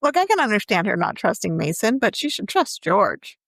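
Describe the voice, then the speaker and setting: A woman co-hosting a podcast, chatting casually with short reactions and quick laughs. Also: medium pitch, sing-song, vocal fry, fairly bright tone, no room sound, clean studio sound. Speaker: podcast co-host. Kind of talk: casual chat.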